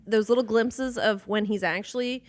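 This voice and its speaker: A woman co-hosting a comedic podcast, talking in an animated, expressive way. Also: fairly high pitch, moderate pace. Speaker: podcast co-host. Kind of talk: casual comedic chat.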